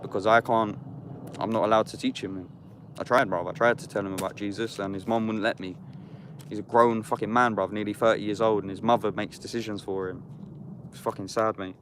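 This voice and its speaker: This man's voice is fairly low with fairly even intonation, brisk and fairly bright, over slight background noise. About thirty, he's a YouTuber casually vlogging in the woods, reading scripture and reflecting in street slang laced with swearing and "bruv."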